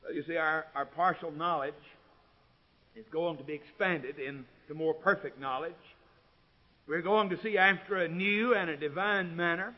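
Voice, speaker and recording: A man preaching a sermon, swelling to loud, ringing climaxes and then dropping to a low, quiet tone. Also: moderate pace, muffled recording.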